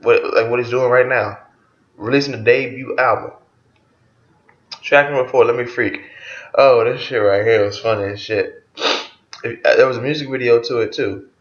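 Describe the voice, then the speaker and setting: A man's voice: mid-range voice, steady tone, normal speed, pauses often. Guy casually reviewing an album, swears a lot, roomy echoey sound, kinda dull lo-fi audio. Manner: loose and profane, retelling songs track by track.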